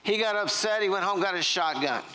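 A man's voice: high-pitched, animated, brisk, bright, forceful tone, low-quality recording. A middle-aged man, preaching a sermon in a church, telling jokes and stories and quizzing the congregation. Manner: joking, storytelling, quizzing the congregation. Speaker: pastor. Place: church sanctuary.

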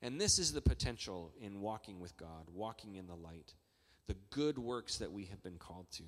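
A man preaching a sermon as pastor, talking in a conversational way that builds to excited emphasis. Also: on the low side, normal speed. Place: church hall. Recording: long reverb of a large church hall.

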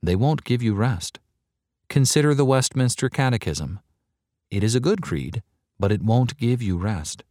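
A man preaching a sermon to a large crowd, earnest and measured, driving points home with slow, emphatic repetition. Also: medium pitch, expressive, warm tone, dry recording, studio quality. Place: large hall before a crowd.

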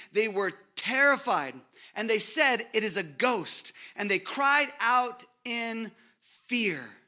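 A man preaching a sermon as pastor, with dramatic pauses and repeated rhetorical buildups, dropping to a hush on scripture quotes. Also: high-pitched.

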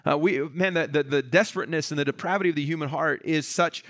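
A man's voice: fairly high pitch, fast talker, no room sound, clean studio sound. A male pastor preaching a sermon, explaining a scripture passage and acting out its dialogue in different voices. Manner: animated, acts out the dialogue of a reading in voices.

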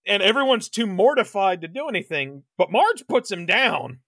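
A man's voice: high-pitched, very animated, moderate pace, a bit bright, dry recording. A man co-hosting a podcast, chatting casually about a horror movie, rambling with lots of restarts and swearing. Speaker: podcast co-host. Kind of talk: casual movie review chat.

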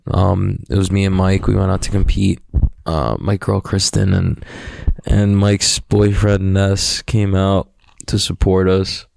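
A man's voice: deep voice, level tone, a little slow, gravelly, darkish tone, no room sound, studio quality. A man hosting a podcast, talking in a loose, rambling, profane way and laughing often. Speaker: podcast host. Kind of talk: casual rambling monologue.

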